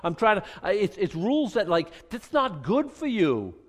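A middle-aged man preaching with a lively, swooping voice that sits a little high for a man. He jokes and acts out little voices, then leads a prayer. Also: normal speed. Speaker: pastor. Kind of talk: sermon.

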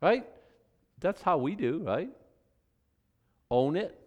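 A man's voice: fairly high pitch, big pitch swings, takes it slowly. A man preaching, reading scripture aloud and then breaking into joking, conversational comments and mock apologies. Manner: acts out mock apologies in voices. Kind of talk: Bible teaching with casual asides.

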